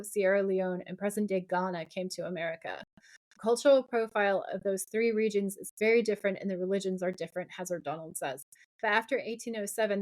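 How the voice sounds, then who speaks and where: A woman co-hosting a podcast in a relaxed, chatty recap. She retells scenes with animated asides and quick laughs, her voice sitting at an ordinary middle pitch. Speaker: podcast co-host. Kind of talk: casual recap chat.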